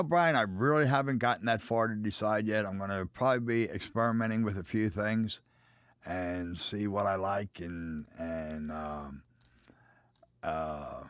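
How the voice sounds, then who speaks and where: A casual American man answers viewer comments on a live stream in a slightly low voice. He talks loosely, often stopping to restart a thought with an "uh". The sound is close and dry, with no room in it. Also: a bit bright, dry recording. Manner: casual, halting, many fillers and restarts. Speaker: host.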